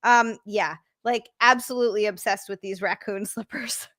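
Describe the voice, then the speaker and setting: A young adult woman hosting a live stream, chatting casually and bubbly, greeting viewers and squealing with excitement. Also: mid-range voice, normal speed. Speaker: streamer and podcast host.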